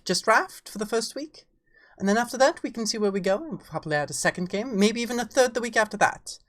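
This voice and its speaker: A woman with an English accent, talking at an ordinary mid pitch. She chats casually and playfully with her stream viewers and calls them darling. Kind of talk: casual livestream chat.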